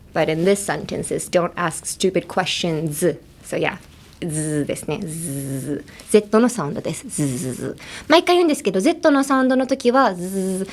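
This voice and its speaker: A young American woman hosting a casual language lesson, chatty and quick to laugh, slowing down to spell out sounds. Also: medium pitch. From United States. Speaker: host.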